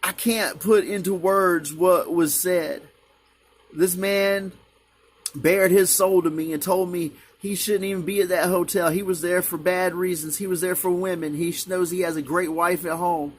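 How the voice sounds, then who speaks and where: Guy with a high voice rambling earnestly about something that happened to him, repeats himself a lot. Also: fairly even intonation, a little slow, slightly rough. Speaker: vlogger. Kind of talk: emotional personal testimony.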